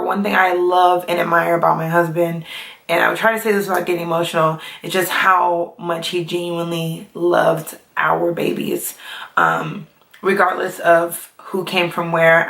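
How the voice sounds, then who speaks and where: A woman's voice: fairly low pitch, gravelly, fairly bright tone. A young adult woman chatting casually to camera as a vlogger, full of fillers and laughs. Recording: echoey room.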